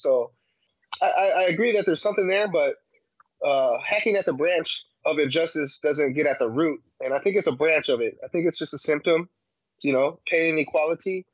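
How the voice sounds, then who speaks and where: A man's voice: a little high, fairly quick, breathy edge, dry recording, dull audio. A man in a casual podcast chat, rambling and slangy, full of fillers and restarts.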